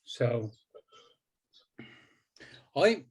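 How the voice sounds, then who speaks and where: A man's voice: medium pitch, big pitch swings, very slow, slightly rough. A man in his sixties, a hypnotist guest in a conversational interview, talking emphatically and repeating words for stress.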